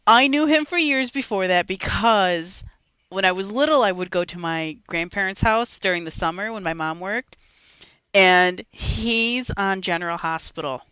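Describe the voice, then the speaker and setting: A young adult woman co-hosting a casual gaming podcast, chatty and animated, with frequent giggles. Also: medium pitch, moderate pace, smooth, dry recording. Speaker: podcast co-host.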